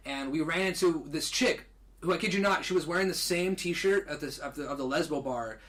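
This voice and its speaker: Young male podcast guest: fast, rambling, profane anecdotes with acted-out quotes, a touch high-pitched. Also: heavy background noise. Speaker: podcast guest, aspiring stand-up comedian. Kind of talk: casual storytelling chat.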